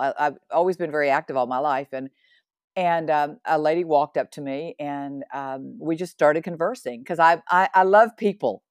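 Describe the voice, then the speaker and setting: Low-voiced woman in her sixties telling her story. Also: no echo, clean studio sound. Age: 60s. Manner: animated and earnest, with laughs and asides. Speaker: podcast guest. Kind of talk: personal faith testimony.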